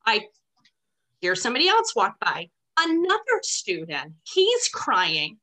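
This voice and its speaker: A woman's voice: fairly high pitch, slow. A middle-aged woman, a teacher, telling a story casually and animatedly, acting out what she said. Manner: animated, acts out her own past words.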